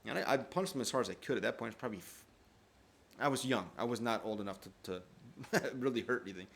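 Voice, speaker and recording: A man telling a personal story on his podcast in a profane, animated, laughing way. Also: mid-range voice, quick pace, vocal fry, slight background noise. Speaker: podcast host.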